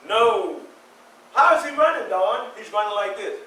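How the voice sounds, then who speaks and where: A high-voiced, bright older man in his sixties tells a personal story live to an audience, acting out the scenes as he goes. He sounds like he is in an echoey room, caught by a distant mic with faint ambience behind him. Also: measured pace. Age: 60s. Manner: animated, acts out scenes with voices and shouts. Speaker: featured storyteller. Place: community center hall.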